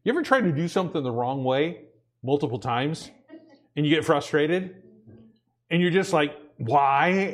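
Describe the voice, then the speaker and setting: A man preaching a sermon in a relaxed, conversational way, checking in with "amen?" and acting out little everyday scenes. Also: fairly high pitch. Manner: conversational preaching with frequent "amen?" and acted asides. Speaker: pastor.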